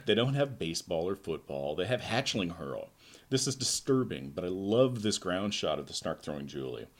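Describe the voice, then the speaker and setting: A man's voice: deep voice, big pitch swings, normal speed. A man co-hosting a casual comic book podcast, wry and amused, chuckling as he talks. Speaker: podcast co-host.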